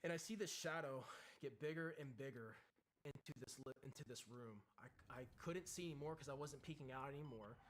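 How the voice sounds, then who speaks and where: A man's voice: medium pitch, fairly quick, slight background noise. A man, a combat veteran guest, telling a war story in casual, profane, vivid language. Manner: profane, vivid, acts out quoted voices.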